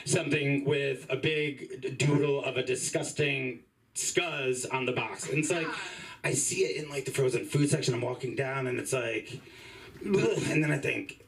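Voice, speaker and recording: A man's voice: mid-range voice, expressive, measured pace, recorded from a distance, a loud crowd, rough recording. A man doing open mic stand-up in a small comedy club, chatty and rambling, full of fillers and voiced asides.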